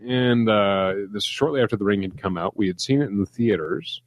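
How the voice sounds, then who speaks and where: A man with a fairly low voice, recorded dry and close with almost no room sound. He co-hosts a relaxed chat show and tells his anecdotes with animation, chuckling along at his own stories. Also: brisk, dry recording. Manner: animated storyteller. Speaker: podcast co-host. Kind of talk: casual chat.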